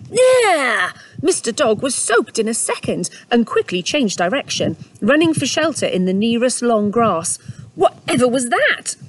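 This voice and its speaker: A woman's voice: a little high, rough recording. A woman reading a children's book aloud at home, narrating expressively with small asides. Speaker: storyteller.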